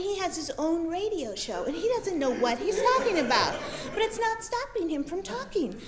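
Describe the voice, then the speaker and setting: A woman's voice: sits high, slight background noise. A woman from Utah reading her own funny stories on a comedy club stage with dry, wry humor. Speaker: storyteller. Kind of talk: live storytelling reading.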